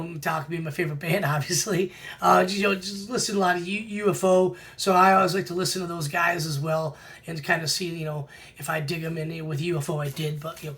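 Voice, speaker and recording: This is an American man chatting casually about his record collection at home. His voice is gravelly with a bright, forward edge. He talks with easy enthusiasm and trips over restarts and fillers. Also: high-pitched. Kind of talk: casual vinyl review chat.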